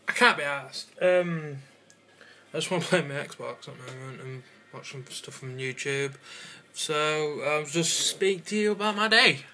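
Rambling English teen with a bright voice. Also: male voice, a little high, slight background noise. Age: teens. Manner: rambling, offhand and goofy, slipping into silly accents. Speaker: vlogger. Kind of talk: casual vlog chat. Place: bedroom at home.

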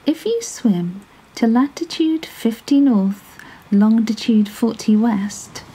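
A crafty little male fish from a bedtime storybook, polite and sly, speaks in a small, lifted voice, as a woman narrator puts him on. The tone is husky and mellow, and each word is coaxing and persuasive. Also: a little high, lively intonation, slow, pitched above the performer's own voice, full character voice, rough recording.

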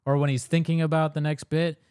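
A man's voice: fairly high pitch, flat delivery, a little fast, darkish tone, clean tone, dry recording. Man riffing casually on a podcast, dry sound. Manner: joking, riffing, mock impressions. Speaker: podcast co-host. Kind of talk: casual chat over a watch party.

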